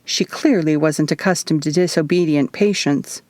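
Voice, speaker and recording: A woman reads her own novel aloud in the first person. Her voice sits on the low side and she tells the story at a measured, even pace. The sound is dry and close, with no room echo. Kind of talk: audiobook narration.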